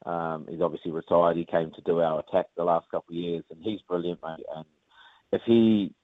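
Deep-voiced and brisk, a man with a New Zealand accent, a rugby player, loosely rambles through a laid-back phone interview, peppering it with ums and uhs. The sound has no echo and carries the tinny, dry quality of a phone line.

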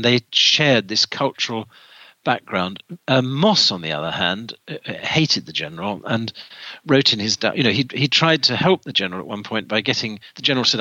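A man's voice: medium pitch, lively intonation, fairly quick, bright, forceful tone, no echo, lo-fi sound. A man guest in an interview, telling a story with many restarts and fillers. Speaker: author and guest.

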